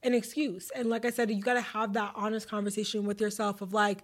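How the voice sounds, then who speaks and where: A woman's voice: medium pitch, flat delivery, fast, hardly any pauses. A young woman hosting a casual solo podcast, chatty and playful with lots of slang. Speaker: podcast host.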